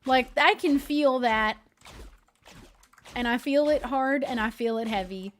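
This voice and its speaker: A young woman streamer chatting casually with her viewers, laughing often and talking in a deadpan way. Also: high voice, a little slow. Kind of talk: casual chat.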